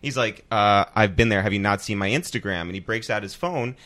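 A man hosting a podcast, telling stories in an animated way and laughing often. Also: fairly low pitch, brisk. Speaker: podcast host. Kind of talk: casual interview chat.

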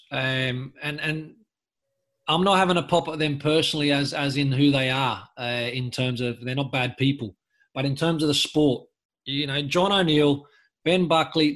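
A man's voice: a little high, a bit bright. A man from Australia, a former footballer, speaking earnestly as a podcast guest, restarting sentences often with lots of fillers. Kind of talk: conversational interview.

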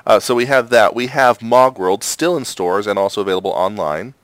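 A man's voice: lowish voice, brisk, no room sound. A man hosting a podcast, interviewing a guest in a friendly way and laughing often. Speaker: podcast host.

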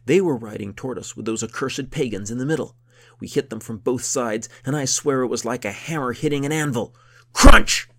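A man voicing a boastful, hot-tempered warrior count who talks loudly and grandly. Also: low voice, lively intonation, fairly quick, gravelly, exaggerated voice. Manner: loud, blustering, grandly boastful.

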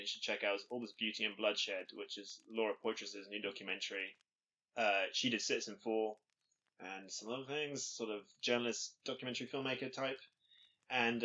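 Man, casual podcast co-host, bright tense voice, rambling, dull lo-fi sound. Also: on the low side. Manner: rambling, filler-heavy, laughs often. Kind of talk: casual chat.

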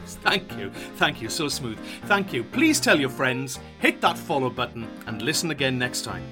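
A man's voice: medium pitch, sing-song, moderate pace, over music. A man co-hosting a podcast in casual chat, rambling and breaking off mid-sentence. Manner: rambling, self-interrupting explanations. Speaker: podcast co-host.

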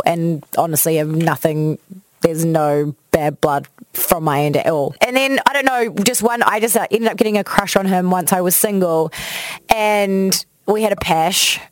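Nz lady in her 30s spilling a story, bouncy voice, dry close sound. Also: no echo. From New Zealand. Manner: animated, acts out quotes with big pitch jumps. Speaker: radio host, podcast guest. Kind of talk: casual storytelling chat.

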